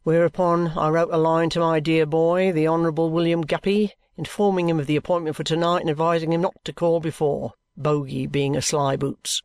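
A woman reading aloud and voicing a wary young man who speaks gravely in a low hush. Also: fairly even intonation, brisk, hardly any pauses, dry recording, studio quality.

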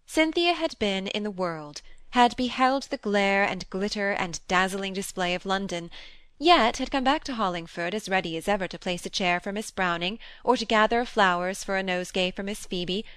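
A woman's voice: medium pitch, expressive, moderate pace, a bit bright, clear, resonant tone, no echo. Woman reading a classic novel aloud. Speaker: audiobook reader. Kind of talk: scripted narration.

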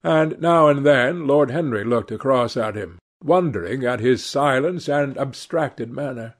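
A man narrating a novel as an audiobook in a measured, expressive reading. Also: mid-range voice.

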